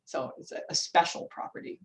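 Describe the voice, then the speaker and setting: This workshop talk comes from an older woman linguistics professor from the United States, lecturing on a video call in a chatty, informal manner, with frequent restarts, asides and spoken time checks. She speaks a little fast, and the recording quality is low.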